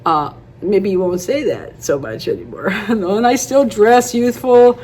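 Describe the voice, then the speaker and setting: A woman's voice: medium pitch, lively intonation, unhurried, a little mellow, slight background noise. A woman in her eighties chatting casually to camera, rambling through stories and laughing often. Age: 80s. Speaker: beauty vlogger.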